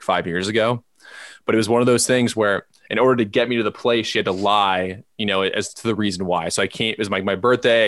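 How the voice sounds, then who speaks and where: Guy talking real fast, lowish voice, rambling story with tons of likes, dry close sound. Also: fairly bright tone, no echo. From Los Angeles area. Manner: rambling storyteller with many fillers and restarts. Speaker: podcast co-host. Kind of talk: casual chat.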